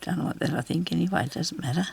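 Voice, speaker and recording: A woman's voice: low voice, quick pace, gravelly, a little mellow, a little hiss or hum. A woman with an Australian accent giving a casual craft tutorial at her craft table. She rambles and mutters to herself while she works. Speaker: craft video host.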